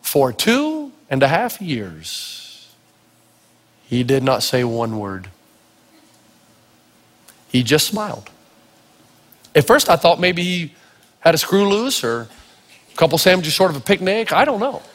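A man from Tennessee preaches a sermon in a high, lively voice that swoops up and down as he tells his stories. He acts out the people in them with plenty of energy. A long hall reverb hangs behind every word. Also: takes it slowly, long pauses. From Tennessee, United States. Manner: animated storytelling, acting out voices. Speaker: pastor.

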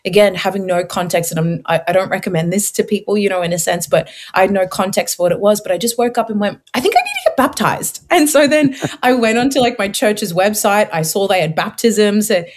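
Earnest young woman telling her testimony. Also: medium pitch. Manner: earnest, expressive, quick storytelling with many fillers. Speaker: guest. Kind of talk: testimony interview.

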